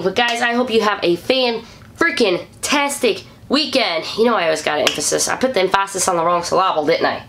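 A woman from St. Louis runs through the week's fan news in a casual vlog. She is chatty and upbeat, with excited whoops, and her voice sits at an ordinary pitch for a woman. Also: slight background noise. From St. Louis, USA. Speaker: host of a weekly fan news show.

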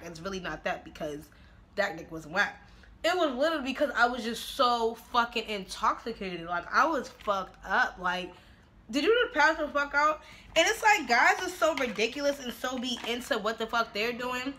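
A woman's voice: a little high, sharp tone. A woman vlogging casually at home while doing her makeup, brash and profane, often breaking into laughs. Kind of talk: casual get-ready-with-me chat. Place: at home, making dinner while filming.

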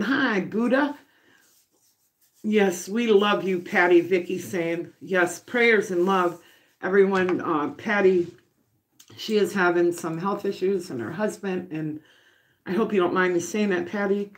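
Slow-talking woman on a livestream. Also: mid-range voice. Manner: reads viewer comments aloud, chatty and unhurried. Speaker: livestream host. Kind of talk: casual livestream chat while baking.

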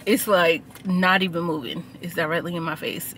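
A woman's voice: lowish voice, steady tone, normal speed, few pauses, background noise. A woman vlogger chatting casually and slangily to her viewers in an upbeat food vlog. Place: outdoors at sunset.

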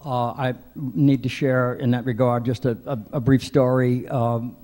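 An older man with a mellow, darkish voice spins wry, self-mocking anecdotes from a podium, often pausing on "uh" before the next line lands. The sound carries a long reverb from a big banquet hall. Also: medium pitch, little pitch movement. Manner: wry self-deprecating storyteller, many hesitant "uh"s. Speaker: keynote speaker. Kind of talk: anecdotal after-breakfast speech.

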